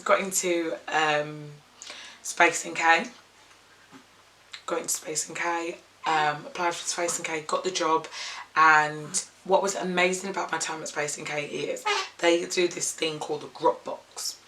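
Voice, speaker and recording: A woman's voice: low voice, flat delivery, measured pace, bright, forceful tone, slight background noise. A young woman and makeup artist, rambling candidly in an unscripted vlog and swearing freely.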